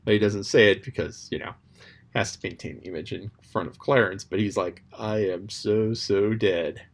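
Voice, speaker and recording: In a low, husky voice with vocal fry and a brisk pace, a man shares loose thoughts on a chapter he read aloud. He wanders, says "um" a lot, restarts sentences, and now and then plays with quoted voices.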